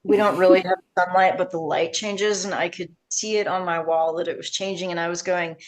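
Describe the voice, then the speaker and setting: A woman's voice: lowish voice, fairly quick, poor audio. Chatty woman on a video call. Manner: chatty, animated, self-deprecating. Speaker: actor in a play reading. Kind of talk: casual video-call chat.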